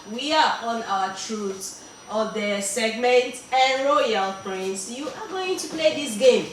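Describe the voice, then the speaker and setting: A woman hosting a talk show, unhurried as she announces segments and explains the rules. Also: mid-range voice. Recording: echoey room, mic at a distance, clear background noise.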